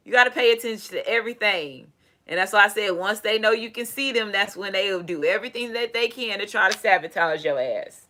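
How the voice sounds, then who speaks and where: A woman doing a casual tarot reading, talking in an animated, profane way. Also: medium pitch, brisk. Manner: animated, profane, laughing asides. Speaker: tarot reader.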